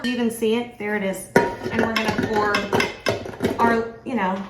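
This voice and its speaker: A middle-aged woman, an author and home cook, talks to the camera in a fairly high voice while cooking for a casual vlog. She's chatty and pokes light fun at herself. The sound is echoey, like a bare home kitchen, with a faint ambient hum.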